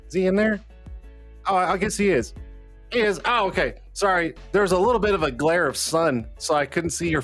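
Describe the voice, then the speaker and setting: A man's voice: sits high, fairly bright tone. A man hosting a casual live online show, joking and teasing his guests and laughing often. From Colorado. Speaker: livestream show host.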